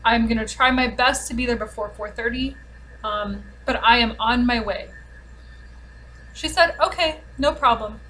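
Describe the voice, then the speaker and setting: A woman telling a frustrating everyday story in a casual vlog, exasperated and sarcastic, talking fast in bursts. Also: fairly high pitch, a bit bright, rough recording. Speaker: vlogger. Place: home, with a dog nearby.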